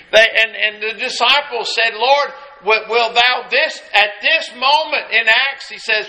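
A man preaches a sermon, his tone high and bright. He gets fervent, pushing his voice up and louder whenever he retells the words of scripture figures. The sound rings around an echoey church room. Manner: fervent, rises high and loud in retold dialogue.

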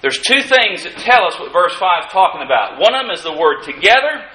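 High, bright-voiced preacher in an echoey church. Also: male voice, big pitch swings, fairly quick. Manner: folksy preaching with dry humorous asides; rises in emphasis on key lines. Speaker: pastor. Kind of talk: sermon. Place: church sanctuary. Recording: echoey room. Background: congregation calling out amens.

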